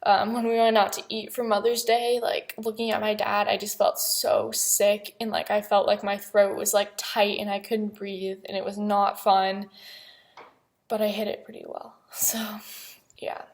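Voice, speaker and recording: Young woman, confessional vlog, halting delivery, flat intonation, mid-range pitch. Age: young adult. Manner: halting, hesitant, many pauses and fillers. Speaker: vlogger.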